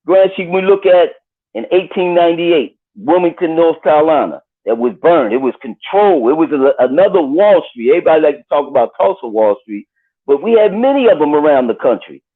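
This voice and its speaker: Male guest, earnest and measured, heard through a phone-like line. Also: on the high side, lively intonation. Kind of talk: commentary on a live stream. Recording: tinny phone-line call.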